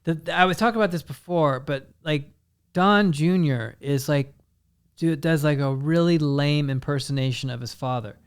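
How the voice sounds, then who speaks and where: A man's voice: fairly high pitch, normal speed, smooth. Joking, rambling man on a podcast. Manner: rambling, joking, full of fillers. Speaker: podcast host. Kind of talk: casual comedy chat.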